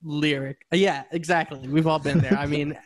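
A man's voice: on the high side, steady tone, moderate pace. A young man co-hosting a podcast, chatting casually and joking with lots of laughter. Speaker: podcast co-host. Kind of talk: casual chat.

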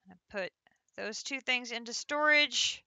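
A woman's voice: on the high side, normal speed, sharp tone, clear, resonant tone, no echo. A woman streaming a game live, chatting to herself as she counts out and places items. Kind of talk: live gameplay commentary.

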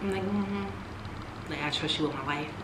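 A young woman telling a story about her past in a casual, animated way, cursing and swinging between loud outbursts and hushed asides. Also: on the low side, unhurried. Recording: echoey room with noise.

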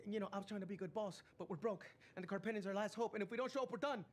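A rapid-fire rambling storyteller. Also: male voice, sits high. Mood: guilty. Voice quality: breathless, rambling, excitable storyteller. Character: chatty, excitable young man, rambling storyteller. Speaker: rambling storyteller under interrogation. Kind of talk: film comedy acting. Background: film score music.

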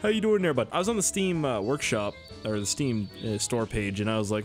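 A man's voice: medium pitch, a little fast, few pauses. A young Canadian man with a Canadian accent, giving jokey, profane, rambling gameplay commentary. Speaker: YouTuber. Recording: faint background game music.

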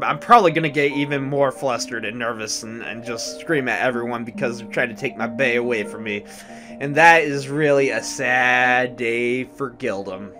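A young man hosting a blind let's play, rambling and flustered, with many restarts when he gets excited. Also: medium pitch.

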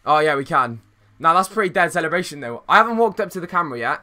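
A young man streaming a football game, chatting casually with viewers and reacting to plays with bursts of excitement. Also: a little high, quick pace. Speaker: gaming streamer. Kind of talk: casual live-stream chat while playing.

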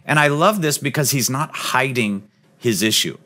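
A man preaching a sermon as pastor, earnest and emphatic, sometimes dropping to a soft, low voice. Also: animated, moderate pace. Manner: drops to a soft, low voice on key points.

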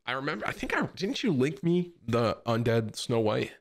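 A man's voice: mid-range voice, sing-song, normal speed, few pauses. A man in his thirties chatting casually and jokingly to his live-stream audience, dropping "bro" often. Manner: loud, joking, says bro a lot.

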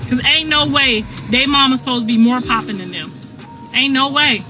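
A woman's voice: high voice, moderate pace, music in the background. A middle-aged woman ranting on a phone livestream, emphatic and repetitive, with a sassy edge.

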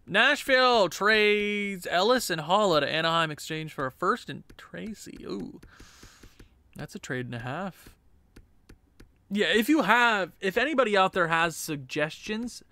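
A gaming channel host narrating their own play in a relaxed, unhurried way. The voice leaps up and down in pitch with lots of animation. The sound is dry and close, and they keep laughing at their own jokes. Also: dry recording. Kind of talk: casual gameplay commentary.

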